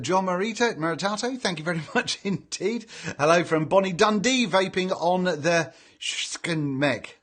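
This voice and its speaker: A cheerful British man hosting a live stream, reading out viewers' names and greetings in a relaxed, chatty way. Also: fairly high pitch. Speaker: livestream host reading chat. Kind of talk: casual live chat.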